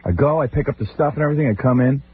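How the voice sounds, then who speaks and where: A man hosting a radio show, telling comic stories in an animated, exasperated rant and mimicking his relatives. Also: mid-range voice, very fast. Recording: tinny phone-like old radio recording with faint hiss.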